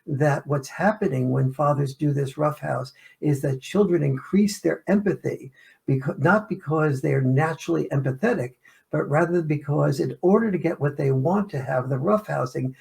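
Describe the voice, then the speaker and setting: A man's voice: a little high, moderate pace, vocal fry, darkish tone. A man, an author and interview guest, explaining his ideas and acting out family scenes as examples. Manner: explanatory, illustrates points with acted-out family scenes. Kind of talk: interview answers.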